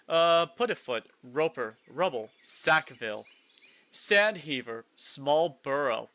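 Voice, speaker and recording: A man chats casually on a game stream, reading lists aloud and musing as he goes. He chuckles often, and his voice is bright and forceful. The sound is dry and close. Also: medium pitch, expressive, takes it slowly, no room sound. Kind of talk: casual live-stream chat while gaming.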